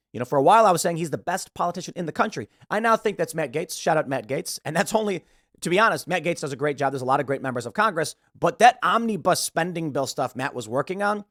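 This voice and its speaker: A man's voice: a little high, dry recording, studio quality. A man hosting a political talk show, giving casual, opinionated commentary and sometimes mimicking others. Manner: animated, opinionated, mimics others mid-rant. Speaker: podcast host.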